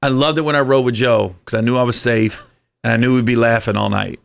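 A middle-aged man telling lively, profane stories in a casual podcast chat, jumping his pitch up for quoted voices. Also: fast talker, vocal fry, clear, resonant tone. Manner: animated storyteller, swearing, jumps high for quoted voices. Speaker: podcast co-host.

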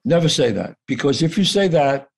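A man tells a story from his own life in loose, lively conversation, his voice sitting a little high. He acts out the people he quotes and swears without a second thought. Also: normal speed, slightly rough. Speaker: guest actor. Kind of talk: casual storytelling.

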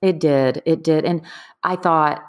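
A middle-aged woman candidly recounting her own experience in a conversation, earnest and a bit halting. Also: low voice, fairly even intonation. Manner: candid, earnest, trailing off with fillers. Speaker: guest. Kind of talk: personal storytelling in conversation.

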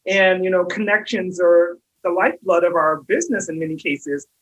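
Husky-voiced woman host. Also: lowish voice, moderate pace, lo-fi sound. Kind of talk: casual interview conversation.

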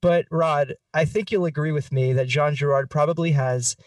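Playful higher-voiced man, far mic. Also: steady tone, moderate pace, dry recording. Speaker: podcast host. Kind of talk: casual podcast discussion.

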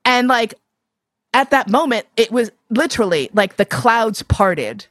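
A woman telling a candid personal story in an interview, animated and profane, often breaking into laughter. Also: fairly high pitch, unhurried, dry recording.

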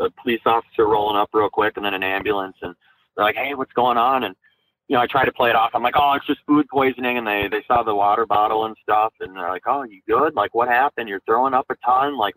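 A man's voice: fairly low pitch, fairly bright tone, low-quality recording. Young man telling a raw personal story. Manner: candid, halting, many fillers and restarts. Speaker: guest, Army National Guard veteran.

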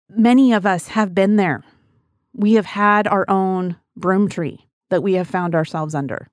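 Middle-aged woman, devotional Bible teacher, earnest and chatty, mid-pitched voice, dry close recording. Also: unhurried, no room sound. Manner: earnest, conversational, addresses listeners as guys.

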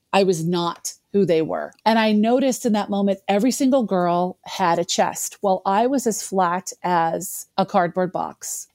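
A woman's voice: medium pitch, a little mellow, no echo, clean studio sound. A woman in her fifties, a guest telling a candid, self-deprecating personal story and laughing at herself.

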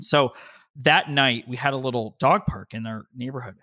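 A man telling a long personal story from his home office, in an animated, heated way with quick bursts of speech. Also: medium pitch. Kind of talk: conversational storytelling.

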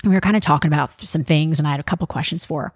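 Racing along in a low voice with a breathy edge, this young woman podcast host talks candidly, profanely, and casually, full of fillers. The recording is dry and studio quality.

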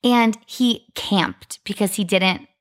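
A woman in her thirties co-hosting a podcast, talking in a chatty, casual way. She leans on "like" and keeps a story rolling with animated retellings. Her voice sits at an ordinary middle pitch. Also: slow pace. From Arizona, US. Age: 30s. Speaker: podcast co-host.

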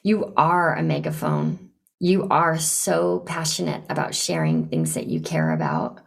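A woman coaching a client in conversation, encouraging and animated, acting out eager invitations to make her point. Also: deep voice, unhurried, creaky. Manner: encouraging, animated, role-plays enthusiastic invitations. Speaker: business coach hosting a coaching session.

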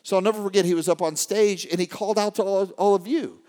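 A fairly high-voiced man gives a rousing keynote from a stage, jumping from quiet, confiding lines to shouted bursts. He keeps firing questions at the crowd and pushing for answers. The sound rings with the long reverb of a big hall. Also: steady tone, quick pace. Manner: dynamic, swings from hushed to shouting; rallies the crowd with call-and-response questions. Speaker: motivational speaker. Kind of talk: live keynote to an audience.

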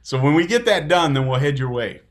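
A man's voice: fairly high pitch, lively intonation, brisk. A middle-aged man hosting a faith podcast, speaking earnestly in a casual conversational way. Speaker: podcast host.

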